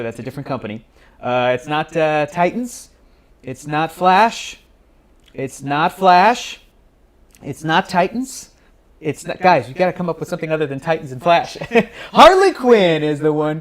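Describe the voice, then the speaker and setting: A man hosting a live reaction stream, chatty and joking, talking to viewers in an excitable way. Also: mid-range voice. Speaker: livestream host.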